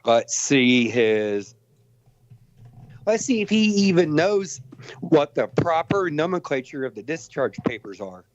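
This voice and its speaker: A man's voice: on the high side, big pitch swings, slow, a little hiss or hum. Combative male caller on a dull line. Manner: combative, boastful. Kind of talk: call-in on a livestream.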